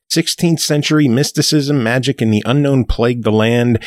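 Male host, mid-range voice, brisk reader of credits and prices; dry recording. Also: medium pitch, no room sound. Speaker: podcast host. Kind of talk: casual chat, reading game details.

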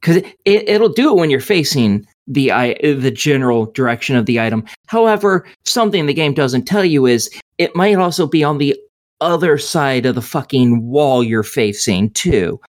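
A man's voice: medium pitch, expressive, normal speed. Rambling sarcastic man, casual chat. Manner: rambling, sarcastic, swears often. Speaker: game reviewer co-host.

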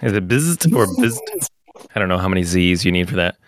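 A man's voice: low voice, level tone, rapid-fire, crowd noise. A man on a podcast, reviewing a game in a loose, casual way with lots of "uh" fillers. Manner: loose, filler-heavy, "uh" between phrases.

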